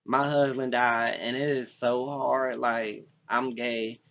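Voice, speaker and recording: A man's voice: medium pitch, flat delivery, slow, gravelly, a bit bright. A young man from North Carolina, pleading directly to the camera in a rambling way, often restarting his sentences. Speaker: vlogger. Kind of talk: direct-to-camera personal appeal. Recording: dull lo-fi recording.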